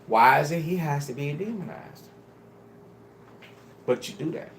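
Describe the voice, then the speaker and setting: A man's voice: on the high side, measured pace, slight background noise. A man preaching a sermon to a congregation, emphatic and pleading, with casual street-style phrasing. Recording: roomy echo.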